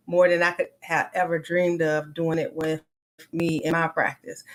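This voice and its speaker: A woman therapist and coach gives an emphatic, motivational conference talk over a video call, calling her audience "y'all." Her voice sits fairly low, with fairly even intonation and an unhurried pace.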